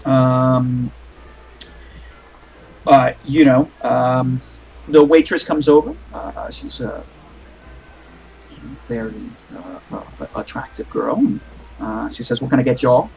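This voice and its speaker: A man's voice: mid-range voice, takes it slowly, creaky, pauses often, darkish tone, lo-fi sound, soft background music. A man narrating as game master of a tabletop game over a voice call, rambling with many fillers and restarts.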